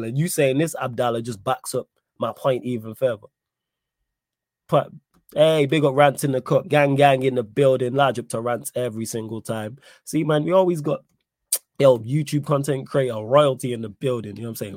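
A young man hosting a casual live-stream podcast, talking in an animated, slangy way and repeating his points for emphasis. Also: mid-range voice, no echo, studio quality. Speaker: podcast host reading live chat.

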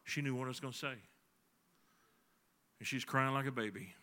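A man's voice: medium pitch, normal speed, pushed and bright. A middle-aged man, preaching a sermon in a folksy storytelling way and talking to the congregation. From Texas. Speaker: pastor.

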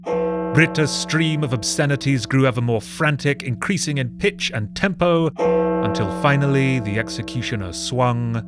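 A man narrating a comedic history story with sardonic, deadpan asides. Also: medium pitch, moderate pace, loud music behind the voice.

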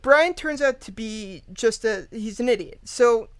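A woman's voice: on the high side, animated, measured pace, smooth, no echo. A woman guest casually retelling a true-crime story, rambling with lots of fillers, laughing and swearing. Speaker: podcast guest.

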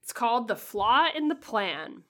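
A woman's voice: a little high, big pitch swings, a little slow, sharp tone. Chatty woman summarizing a book. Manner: chatty, filler-heavy, breezy mock quotes of characters. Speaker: podcast co-host. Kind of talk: casual book podcast chat, summarizing a chapter.

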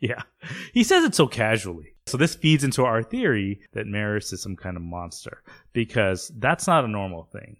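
Animated low-voiced man, podcast host. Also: normal speed. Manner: animated, laughs often. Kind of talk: casual chat recapping a sitcom episode.

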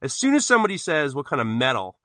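A man's voice: fairly high pitch, sing-song, fast, a loud crowd. A man guesting on a podcast, chatting casually in a rambling, self-interrupting way and swearing freely. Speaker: podcast guest, knife maker.

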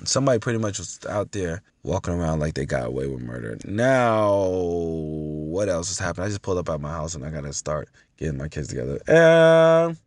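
A man's voice: low voice, sing-song, brisk, no room sound. A man in his thirties venting and rambling in a casual vlog from his car, swearing often and getting heated. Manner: profane, rambling, heated ranting. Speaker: vlogger.

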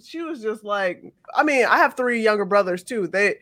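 Expressive bright-voiced man chatting. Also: high-pitched, normal speed. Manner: expressive, playful, self-mocking. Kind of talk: casual chat.

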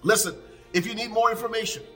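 A man preaching a sermon as pastor, emphatic, with repeated lines, swelling up and then dropping into hushed prayer. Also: high voice, unhurried, soft background music.

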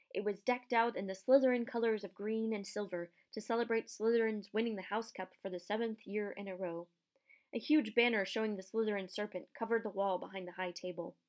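A woman narrating a children's novel as an audiobook, giving lively voices to the characters. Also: medium pitch. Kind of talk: scripted narration.

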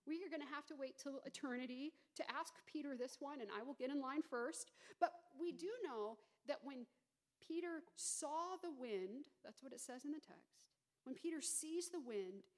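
High-voiced woman preaching a sermon. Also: moderate pace. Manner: storytelling, animated retelling with dramatic emphasis. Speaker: pastor.

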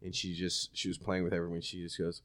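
A man's voice: sits low, monotone, fast talker, fairly bright tone, dry recording. A man, a comedian, in loose, rambling casual chat who laughs into his stories. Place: Sacramento area.

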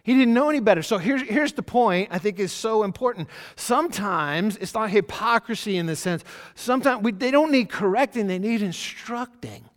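A man's voice: high voice, expressive, moderate pace. A man preaching a sermon as pastor, speaking conversationally with frequent restarts and repeated words. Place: church sanctuary. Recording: long reverb in a large church hall.

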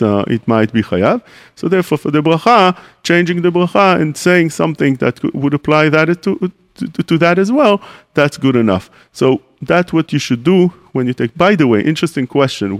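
A man, a rabbi, giving a radio Torah class, explaining step by step, asking questions and answering them, with Hebrew terms mixed into his English. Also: fairly high pitch.

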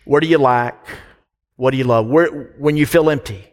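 A pastor delivers a sermon in a relaxed, conversational style, frequently posing questions to his congregation. His voice is mid-range for a man, and he speaks at normal speed. The long reverb of a large church hall surrounds his words.

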